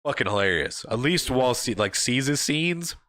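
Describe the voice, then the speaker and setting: A young man hosting a casual gaming podcast, his bright voice leaping up and down in pitch. He swears a lot, laughs often and bursts into loud, shouted impressions of the people he talks about. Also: animated, moderate pace. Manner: profane, laughing, acts out yelled quotes. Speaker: podcast host. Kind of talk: casual chat.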